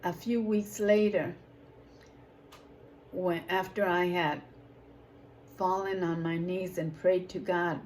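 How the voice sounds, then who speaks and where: A woman who leads a ministry, giving a personal testimony in a slow, emotional way that rises to emphatic outbursts. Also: on the low side, steady tone, a little mellow, a little hiss or hum, rough recording. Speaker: ministry leader.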